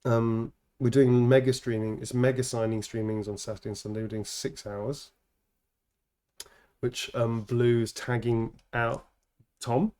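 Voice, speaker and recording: A man's voice: medium pitch, steady tone, measured pace, dark tone. Rambling, joking man co-hosting a stream. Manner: rambling, joking, swears casually. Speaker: streamer co-host. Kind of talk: casual live-stream chat.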